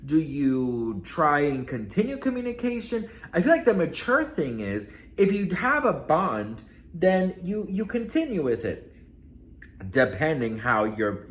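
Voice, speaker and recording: A man's voice: mid-range voice, big pitch swings, unhurried, echoey room, rough recording. A man from Miami chatting casually about celebrity gossip in a sassy, campy way, full of asides.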